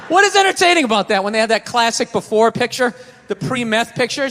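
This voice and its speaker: A sarcastic stand-up comic with a Boston accent, ranting from a club stage and jumping from low mutters to yelled bits. His voice sits high and bright, with an edge. The room rings with a long reverb, and faint audience laughter sits behind him. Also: normal speed, pauses often. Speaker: stand-up comedian. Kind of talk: stand-up comedy set. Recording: reverberant venue with crowd laughter.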